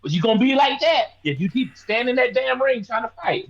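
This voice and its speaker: A man in his thirties co-hosting a sports podcast, joking loudly and swearing in casual banter. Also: very high voice, fairly quick, lo-fi sound. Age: 30s. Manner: loud, animated, swearing banter. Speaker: podcast co-host.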